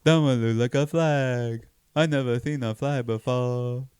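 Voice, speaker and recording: A man putting on the voice of a rambling drunk man who is gawking at fireworks, talking slow with broken grammar. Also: mid-range voice, fairly even intonation, a little mellow, clean tone, dry recording, clean studio sound, pitched above the performer's own voice, close to an everyday voice. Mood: slurred, amazed.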